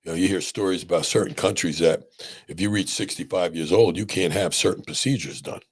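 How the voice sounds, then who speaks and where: A man hosting a casual podcast conversation as a spine surgeon, telling animated stories and often checking in with "right?". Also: low voice, brisk, husky. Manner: animated storyteller, many restarts and "right?" checks.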